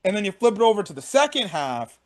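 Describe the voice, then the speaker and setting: A man's voice: high-pitched, sing-song, fast talker. A young man giving a frank, profane game recap in casual talk, often repeating himself. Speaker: sports fan vlogger.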